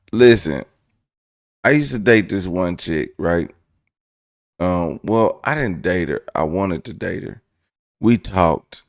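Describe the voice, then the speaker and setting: Deep gravelly man, joking storytime. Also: dry recording, studio quality. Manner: loose and joking, breaks into laughs, mimics voices. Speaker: vlog host. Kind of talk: casual storytime commentary.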